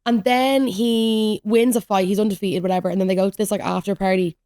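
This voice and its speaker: A young woman hosts her podcast, spilling stories fast and loose, full of "like" and quick asides. Her voice sits mid-range, and the sound is close and dry with no room around it. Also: medium pitch, steady tone, mellow, dry recording. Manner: chatty, rambling storytelling with lots of "like". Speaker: podcast host. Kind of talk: solo podcast rant, casual chat.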